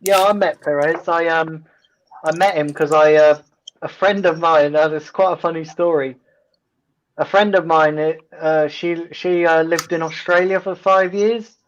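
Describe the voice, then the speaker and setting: Man, casual football chat, rambling and halting, higher voice, muffled lo-fi sound. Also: steady tone, slight background noise. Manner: rambling, halting, lots of ums and restarts. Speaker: host.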